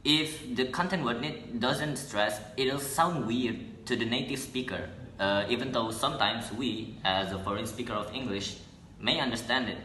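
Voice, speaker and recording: A young man, a student presenting an English lesson in a halting way, correcting himself as he goes. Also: medium pitch, pushed and bright, slight background noise. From Indonesia. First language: Indonesian. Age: young adult. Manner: halting, with restarts and self-corrections. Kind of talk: classroom explanation. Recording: echoey room.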